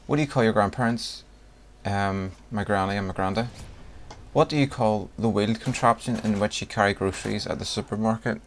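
A man's voice: on the low side, fairly quick, a little hiss or hum. A young man from Northern Ireland with a Northern Irish accent, chatting casually and reading a word list aloud for a video. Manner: chatty, laughs between lines, reads words aloud one by one. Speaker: vlogger.

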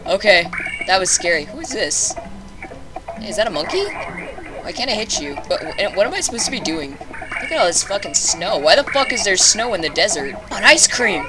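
A woman's voice: medium pitch, big pitch swings, moderate pace, music in the background, low-quality recording. A young woman commenting on a game she is playing. She curses often and shrieks in panic at enemies. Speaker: let's play gamer. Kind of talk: casual gameplay commentary.

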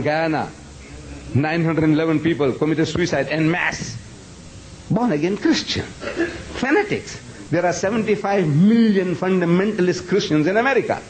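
A man's voice: fairly high pitch, darkish tone, a little hiss or hum, poor audio. A man giving a religious lecture in a mosque, emphatic and rhetorical, often chuckling at his own points. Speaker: Islamic lecturer.

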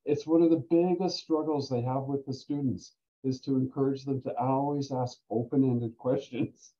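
An older man telling stories in casual talk as a guest speaker, animated and quick to laugh. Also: medium pitch. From Canada. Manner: animated storyteller who laughs often. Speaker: guest speaker, volunteer standardized patient. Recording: dull lo-fi recording.

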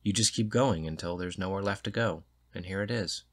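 A man voicing a calm, friendly woman. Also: deep voice, fairly quick, natural voice. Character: calm smoking woman host on porch.

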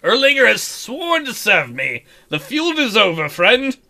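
A man's voice: high-pitched, sing-song, measured pace, bright, forceful tone, full character voice. A man voicing a boastful young Viking chieftain in a video game, speaking with a swaggering, emphatic delivery.

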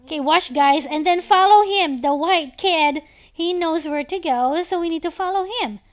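A woman in her thirties playing a video game with her child, giving animated, exclamation-filled commentary. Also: very high voice, normal speed. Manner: animated, frequently exclaiming and calling for help. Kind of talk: excited gameplay commentary.

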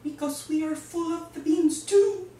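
A woman voicing a small excited male chihuahua in a lower, eager put-on voice, in a storybook read-aloud. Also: unhurried. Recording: echoey room, distant mic.

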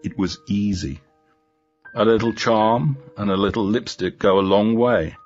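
A man reading the lines of a guarded, bitter female police inspector in a storybook, in a calm, low-key way. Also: unhurried, lo-fi sound, faint music behind, natural voice. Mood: defiant.

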